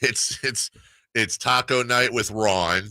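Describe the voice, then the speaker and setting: A man's voice: mid-range voice, takes it slowly, pushed and bright, no echo. A middle-aged man hosting a sports radio show, rambling and laughing through a casual story. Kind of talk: casual chat.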